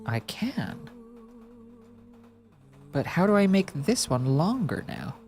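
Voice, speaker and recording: Taking it slowly with long pauses, this woman speaks in a lowish, sing-song, slightly mellow voice. She's a streamer animating digital art, giving casual commentary half to herself and tossing in playful sound effects while faint music plays behind.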